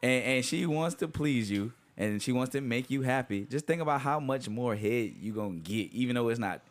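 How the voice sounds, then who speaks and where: A man's voice: medium pitch, animated, moderate pace. A young man joking and laughing through a casual podcast chat.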